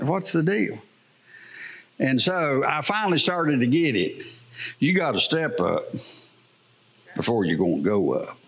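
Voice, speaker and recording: In church, a man with a slightly high, fairly bright voice delivers his sermon. The pastor tells homespun tales in plain farm-country language, laughing frequently along the way.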